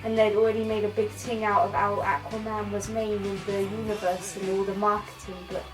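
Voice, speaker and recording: A woman's voice: mid-range voice, level tone, brisk, over music, rough recording. A woman doing a rambling, slangy comic film review.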